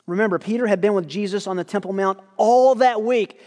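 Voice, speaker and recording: A guest preacher giving a sermon, telling the story in a lively way and acting out quoted lines. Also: male voice, high-pitched, a little fast, big-room sound.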